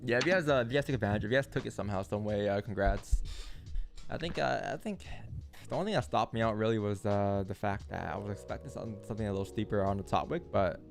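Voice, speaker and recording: A man's voice: lowish voice, fast, vocal fry, faint music behind. A young man hosting a live trading stream, talking loosely and repeating himself as he walks through charts. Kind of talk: casual live-stream commentary.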